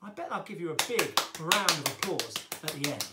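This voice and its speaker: A man's voice: fairly high pitch, lively intonation, moderate pace, echoey room, heavy background noise. A man teaching children a drama lesson in a chatty, playful and encouraging way.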